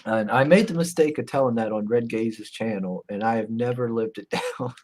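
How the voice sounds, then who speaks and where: A man's voice: normal speed, darkish tone, slight background noise. A man telling stories as a guest in a casual podcast chat, laughing often. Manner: laughs often, rises high when acting out stories.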